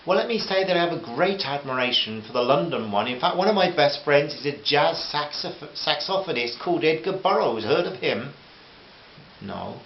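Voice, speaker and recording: A man's voice: a little high, animated, normal speed, roomy sound, muffled recording, a little hiss or hum, voice pushed up. A man voicing a friendly, posh older male aristocrat who speaks genially and uses fond terms of address.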